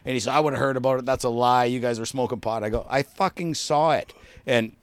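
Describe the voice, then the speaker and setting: A man's voice: medium pitch, fast talker, smooth, no echo. A middle-aged Canadian man swearing constantly as he tells stories in a casual podcast chat. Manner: swears constantly, animated storytelling. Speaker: podcast co-host.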